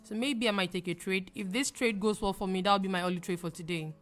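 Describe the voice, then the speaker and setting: A young woman from Ghana hosting a live trading stream, talking fast as she reads viewer comments aloud and answers them. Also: mid-range voice, soft background music. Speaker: forex trading livestream host. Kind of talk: casual livestream chat reading viewer comments.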